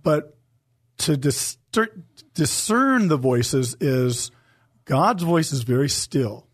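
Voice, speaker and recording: A man's voice: mid-range voice, big pitch swings, breathy edge. Earnest man giving a faith testimony. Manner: earnest, emotional, slows for emphasis. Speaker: co-host of a Christian talk show. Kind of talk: personal testimony in faith talk.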